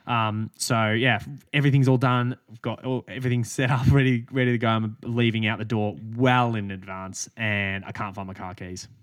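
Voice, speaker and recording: A man's voice: fairly low pitch, steady tone, moderate pace, hardly any pauses, no echo. A young adult Australian man co-hosting a podcast, rambling through a story with casual swearing and laughs. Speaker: podcast co-host. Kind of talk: casual chat.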